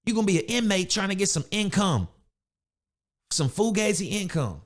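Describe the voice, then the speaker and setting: A young man rants into his podcast mic, blunt and animated, full of street slang. His voice sits a bit higher than most men's. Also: moderate pace. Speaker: podcast host. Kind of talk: casual motivational rant.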